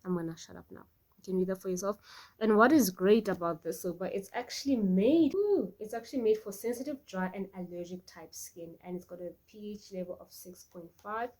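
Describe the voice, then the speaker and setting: A young woman chatting casually in a vlog, animated and talkative, acting out little quoted exchanges. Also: medium pitch, brisk. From South Africa. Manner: chatty, animated, acts out quoted voices, laughs often. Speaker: beauty vlogger.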